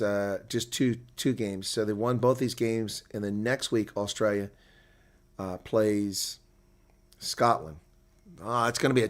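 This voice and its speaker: A man doing live play-by-play and reaction for a rugby match, who builds to shouting on big plays, then drops to relaxed, chatty talk and replies to viewer chat. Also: mid-range voice. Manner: reads out and answers viewer chat.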